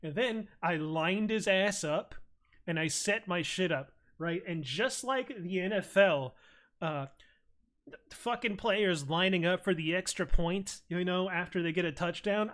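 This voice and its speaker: A man's voice: high-pitched, bright, forceful tone. A man streaming, telling a rambling, crude and absurd comic story full of swearing. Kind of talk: casual comedic rant.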